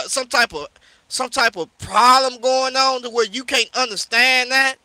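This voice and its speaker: Sharp-voiced man scolding on a livestream. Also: very high-pitched, measured pace, dry recording. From St. Louis, USA. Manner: confrontational and scolding, repeats "yo" and "you know what I'm saying". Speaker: street preacher hosting a live discussion. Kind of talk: heated livestream rant.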